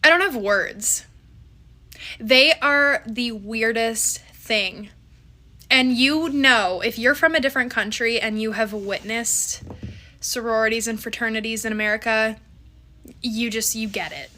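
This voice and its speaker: Young canadian woman ranting to camera, bright voice, kinda high. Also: unhurried. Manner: chatty and exasperated, with mocking quoted voices. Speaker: vlogger. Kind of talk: casual talking-to-camera commentary.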